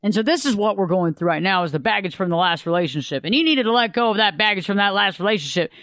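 Male advice speaker, high and clear, dry close sound, animated delivery. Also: quick pace, no room sound. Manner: animated, acts out quoted voices. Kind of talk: casual advice monologue.

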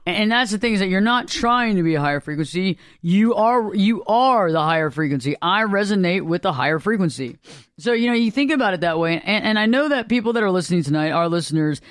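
A man with a notably high voice hosts a spiritual talk show, speaking earnestly and looping back over his points. The sound is close and dry, with no room around it. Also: animated, quick pace, a bit bright, smooth, no room sound. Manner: earnest, rambling, repeats himself.

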